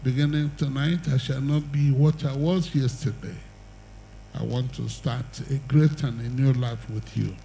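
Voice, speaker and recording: A man's voice: mid-range voice, steady tone, a little slow, creaky, warm tone, a little hiss or hum, low-quality recording. An older man preaching an evangelistic sermon and altar call, with emphatic, repetitive exhortation and the odd chuckle.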